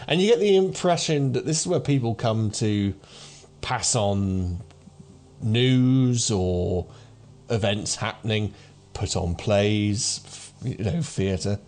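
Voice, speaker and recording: A man's voice: fairly low pitch, slow, darkish tone. A man in his thirties narrating a tabletop game as game master, rambling with many fillers. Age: 30s.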